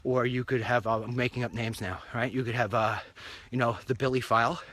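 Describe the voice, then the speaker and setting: A man with a medium-pitched, fairly bright voice talks a little fast, keeping his intonation fairly even. Walking outdoors along a street, he hosts his own online show, rambling cheerfully in a casual monologue.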